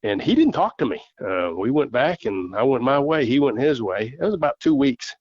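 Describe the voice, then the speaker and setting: A man, a podcast guest telling hunting stories in an unhurried, folksy way. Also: mid-range voice, very animated, a little mellow, dry recording, muffled recording. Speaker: guest, coonhound handler. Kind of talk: storytelling in casual interview.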